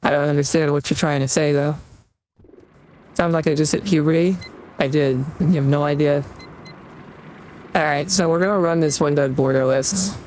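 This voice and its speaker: A man's voice: fairly high pitch, normal speed, pauses often, darkish tone, slight background noise, low-quality recording. A young man streaming, chatting casually and rambling while he reads out donations, into a desktop USB mic. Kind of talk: casual livestream chat.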